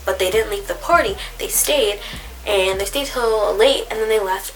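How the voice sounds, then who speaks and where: A woman's voice: mid-range voice, fairly bright tone, a little hiss or hum, poor audio. A young woman vlogger telling a story casually and animatedly, full of swearing, in a dim room on a camera mic.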